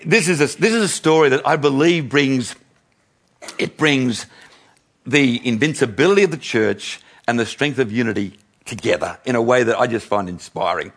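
A man's voice: mid-range voice, normal speed. An older man preaching a sermon to his congregation, chatty and self-mocking, often laughing with the crowd. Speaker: pastor.

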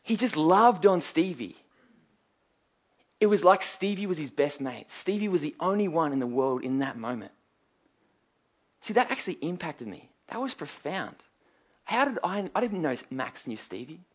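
A man's voice: fairly high pitch, big pitch swings, normal speed, long pauses. A man preaching a sermon, earnest and emphatic, telling stories and asking rhetorical questions.

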